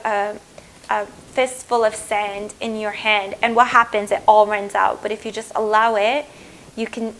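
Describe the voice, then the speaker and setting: A woman's voice: mid-range voice, a little hiss or hum. Upbeat woman giving a tarot reading. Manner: upbeat, encouraging, acts out the cards in quick voices. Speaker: tarot reader.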